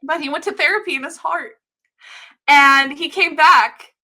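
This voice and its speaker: Guest ranter: high-pitched woman, foul-mouthed and excitable, with sharp swings in delivery. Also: normal speed. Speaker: guest ranter on improv show. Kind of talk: comedic rant.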